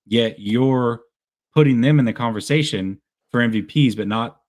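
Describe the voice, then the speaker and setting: A man's voice: medium pitch, normal speed, a little mellow. A man hosting a sports call-in show, casual and enthusiastic, heaping praise on his callers. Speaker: podcast host taking calls.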